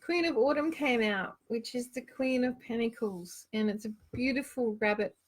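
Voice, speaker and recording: A woman's voice: on the high side, moderate pace. A woman casually chatting and reading cards aloud on a live stream, giggling often. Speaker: card reader hosting a live show.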